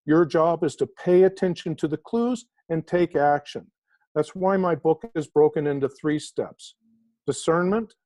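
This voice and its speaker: Animated male storyteller with a mellow voice. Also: fairly high pitch, no echo. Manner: animated storyteller, emphatic, slows down to stress key words. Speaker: author and interview guest. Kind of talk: inspirational interview storytelling.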